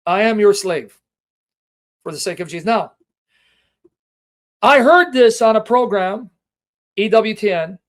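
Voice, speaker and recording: High-voiced, with lively intonation and a fairly bright tone, this Bible teacher speaks a little slowly and pauses often on his livestream. He talks to viewers directly with passion and emotion, reading scripture references and asking rhetorical questions.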